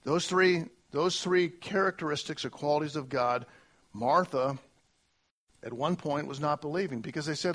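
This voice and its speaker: A man preaching a sermon to a church congregation, emphatic, with long spoken lists and big swings between loud and soft. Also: a little high, moderate pace. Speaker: pastor.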